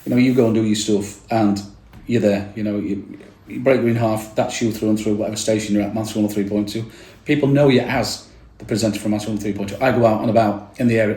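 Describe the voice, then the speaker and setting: Man, radio presenter, chatty and jokey, very quick delivery, echoey room. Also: on the low side, mellow. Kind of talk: casual interview chat.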